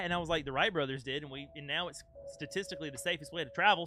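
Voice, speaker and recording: Bright, chatty young man streaming a game. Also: high voice, fast talker, soft background music. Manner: chatty and playful, reads chat aloud. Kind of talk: casual live-stream chat over gameplay.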